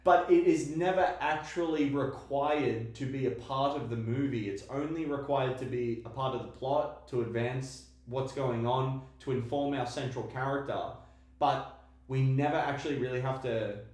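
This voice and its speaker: A man co-hosting a film discussion podcast, making his points in a measured, analytical way. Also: medium pitch, fairly even intonation, darkish tone. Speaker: podcast co-host. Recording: very echoey room.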